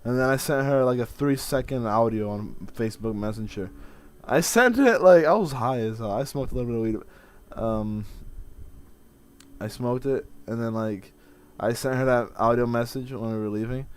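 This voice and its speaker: Smooth-voiced young man venting profanely. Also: medium pitch, normal speed, a little mellow. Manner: rambling, profane, many restarts. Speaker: vlogger. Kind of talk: casual venting vlog.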